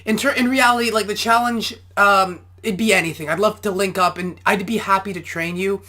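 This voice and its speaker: A man's voice: high-pitched, steady tone, a little fast, pushed and bright. A man, an amateur boxer, giving casual reaction commentary and explaining boxing technique step by step.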